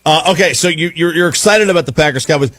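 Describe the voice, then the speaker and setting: A man's voice: on the high side, quick pace, fairly bright tone, no echo. A man hosting a sports radio show, asking his guest teasing, jokey questions. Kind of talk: casual radio interview.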